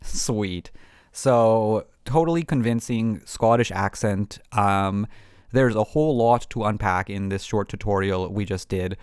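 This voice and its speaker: Low-voiced man hosting a coding tutorial. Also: unhurried, darkish tone, clean tone, no room sound, clean studio sound. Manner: rambling, many ums and restarts. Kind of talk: casual screen-recorded tutorial.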